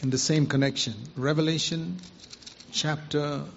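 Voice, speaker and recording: A man's voice: fairly high pitch, steady tone, a little slow, creaky, a little hiss or hum. A man preaching a sermon, earnestly putting rhetorical questions to his listeners. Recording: muffled lo-fi recording.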